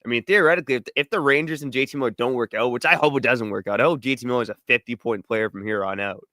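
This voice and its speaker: A man co-hosting a podcast, explaining things in a measured way. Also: medium pitch, bright, forceful tone, no room sound, clean studio sound. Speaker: podcast co-host. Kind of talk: casual podcast analysis.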